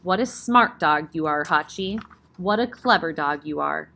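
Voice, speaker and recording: A kindly older male professor from a storybook, gentle and tender, read by a woman. His voice is lively in pitch, rising and falling as he praises his dog. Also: measured pace, exaggerated voice. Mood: fond praise. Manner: tender and fond toward his puppy.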